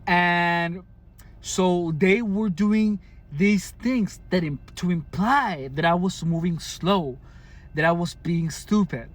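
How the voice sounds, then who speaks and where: A man from Mexicali speaking casually to camera, recounting his own experiences with frequent restarts and careful enunciation. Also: high voice. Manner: halting, many restarts and fillers, deliberate enunciation. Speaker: vlogger. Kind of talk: casual personal account to camera.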